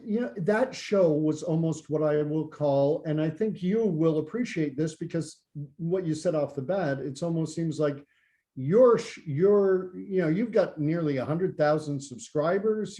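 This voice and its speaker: A man's voice: fairly high pitch, warm tone. A man talking casually on a podcast, often repeating words as he thinks. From Canada.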